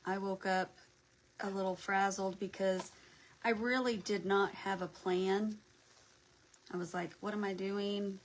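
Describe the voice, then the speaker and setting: A woman's voice: medium pitch, fairly even intonation, a little slow, pauses often, poor audio. Chatty woman hosting a craft livestream. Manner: chatty, greets viewers by name, drops to a whisper at times. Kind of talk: casual livestream chat while crafting.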